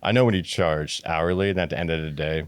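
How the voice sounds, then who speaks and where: American man, low voice, quick animated storytelling, dry studio sound. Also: clean tone, no echo. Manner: fast, animated storytelling, acting out quotes. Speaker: guest, tattoo shop owner. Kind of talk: casual chat, storytelling. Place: podcast studio.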